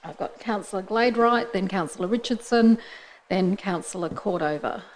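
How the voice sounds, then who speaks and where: A woman, the mayor, chairing a formal council meeting into a desk microphone in a council chamber, with brisk procedural talk and light asides. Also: mid-range voice, a little hiss or hum, rough recording.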